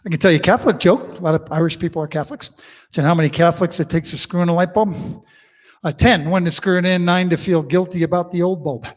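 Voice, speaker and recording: A man's voice: sits high, fairly even intonation, fast. Chatty older man telling jokes. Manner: chatty, joke-telling with folksy asides. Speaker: musician and host of an online living room concert. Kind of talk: casual banter and jokes between songs. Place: his home living room. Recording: long reverb with banjo music behind.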